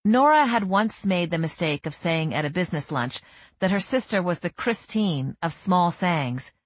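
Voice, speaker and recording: A woman with a lowish voice narrates a novel as an audiobook narrator. Her scripted narration is measured and even, in a steady storytelling style.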